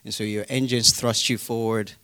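A man's voice: fairly low pitch, little pitch movement, moderate pace, sharp tone, clean tone, dry recording. A man with a British accent explaining the physics of flight in a casual, hesitant way with frequent fillers. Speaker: guest explaining science.

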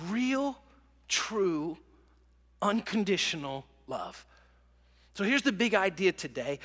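A man's voice: high-pitched, big pitch swings, takes it slowly, long pauses, a bit bright, big-room sound. A middle-aged man giving a sermon as a pastor, telling stories conversationally with many fillers and restarts. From American South.

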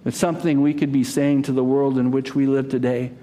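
A man preaching a sermon, telling a story dramatically, rising to loud cries and dropping to a hush. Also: medium pitch, little pitch movement, fairly quick, a little hiss or hum. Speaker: pastor.

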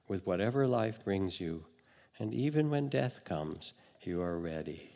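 Male meditation teacher, gentle and wry, gravelly timbre, recorded in a hall with a long reverb tail. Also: lowish voice, highs cut off. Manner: gentle storytelling with light humor. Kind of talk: dharma talk.

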